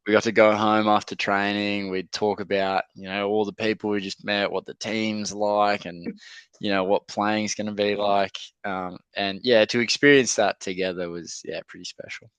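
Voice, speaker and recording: Young Australian male athlete, low-pitched, clean and dry podcast sound, easygoing storyteller. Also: level tone, normal speed, fairly bright tone, smooth, no echo. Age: young adult. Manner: laid-back, laughs through his stories. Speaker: rugby league player, guest. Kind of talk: casual storytelling interview. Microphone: podcast microphone.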